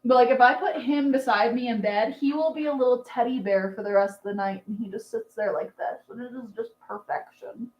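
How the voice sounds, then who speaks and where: Woman, 30s, livestream host; chatty, filler-heavy, affectionate, slightly high voice in a roomy space. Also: fairly quick, few pauses, darkish tone. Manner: chatty and rambling, many fillers and laughs; doting on her dog. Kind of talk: casual livestream chat.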